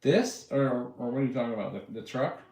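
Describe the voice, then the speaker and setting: A man hosting a casual live stream, rambling along with plenty of fillers and restarts. His voice sits at an ordinary middle pitch. The sound carries a noticeable roomy echo. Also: lively intonation, a little fast, darkish tone. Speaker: livestream host and drone builder.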